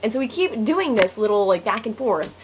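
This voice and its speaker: A woman's voice: on the high side, very animated, a little fast, a little hiss or hum. Chatty teen girl telling a story. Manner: chatty, giggly, full of "like". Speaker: vlogger. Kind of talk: casual storytelling to camera.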